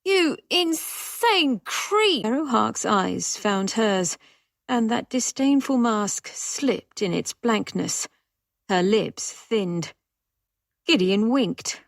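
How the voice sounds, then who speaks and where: A woman narrating an audiobook in a measured, expressive reading. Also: mid-range voice, creaky, dry recording, studio quality. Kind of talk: scripted narration.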